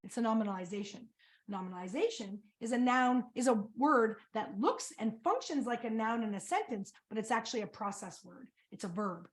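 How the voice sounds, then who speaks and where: A middle-aged woman coach giving an energetic webinar presentation, often quizzing her audience with questions. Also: fairly high pitch, a little fast.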